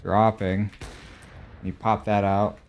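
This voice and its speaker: A young man talks casually through a game stream in a slightly low voice. He answers viewers' questions in a relaxed, chatty way. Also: slow pace, creaky, dull audio, a little hiss or hum. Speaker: gaming streamer. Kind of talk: casual chat while showing game skins.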